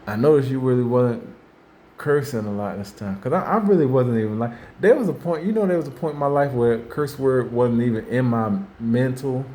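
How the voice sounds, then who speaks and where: With a mid-range, warm voice and a slightly fast pace, the host talks casually about faith and daily living. He rambles, restarts, repeats himself, and performs other people's quotes, and there's slight background noise.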